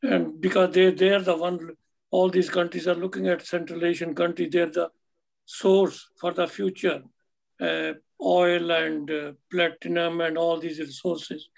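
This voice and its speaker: Male audience questioner, rough fry in the voice, slightly high, halting. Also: level tone, poor audio. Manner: halting, fillers. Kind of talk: asking a question.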